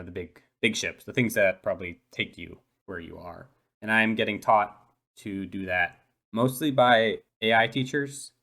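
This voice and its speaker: Man doing a stammering young dolphin boy, low-ish voice, hesitant and earnest, tabletop role-play. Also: fairly bright tone. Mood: nervous, chatty. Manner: hesitant, full of ums and restarts. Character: shy eight-year-old dolphin boy.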